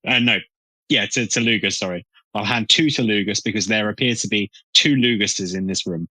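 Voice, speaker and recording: A man's voice: fairly low pitch, brisk, pushed and bright, dry recording, poor audio. A man playing a tabletop game, hesitantly describing what his character does. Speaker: player. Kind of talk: casual tabletop role-play.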